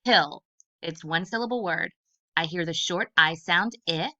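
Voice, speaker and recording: A woman teaching early readers, her voice bright and slightly lower than most. She talks in a clear, deliberate way and sounds out each letter slowly. The recording is dull and lo-fi. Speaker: literacy specialist. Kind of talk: early-grade phonics lesson.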